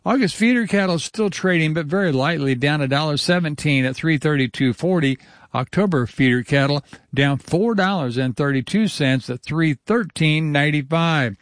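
A man reading a radio farm market report, rattling off grain and livestock prices in a brisk, even delivery. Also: fairly high pitch, no room sound, clean studio sound. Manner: brisk, number-heavy delivery.

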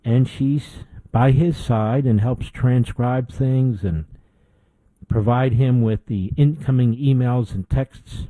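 A man's voice: medium pitch, slow pace, mellow, no room sound, rough recording. A middle-aged man hosting a political talk show, delivering an indignant opinion monologue with emphatic repetition.

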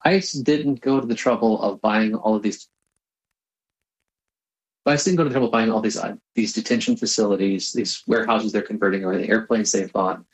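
A man, a former attorney, answering news interview questions in a brisk, assured way. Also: fairly low pitch, rough recording.

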